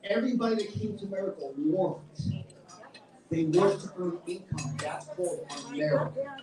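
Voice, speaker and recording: A middle-aged man with a New York accent giving a loud, passionate and combative speech at a live event. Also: high voice, moderate pace. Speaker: featured event speaker. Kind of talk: fiery political speech. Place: event hall with live audience. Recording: echoey room, mic at a distance, crowd audible.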